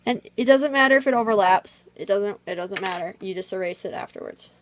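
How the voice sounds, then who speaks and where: A woman talks her way through a drawing tutorial in a loose, meandering chat, full of fillers. Her voice sits at an ordinary middle pitch. It is recorded on a phone camera. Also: brisk, a little hiss or hum, poor audio. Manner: rambling, chatty, many fillers.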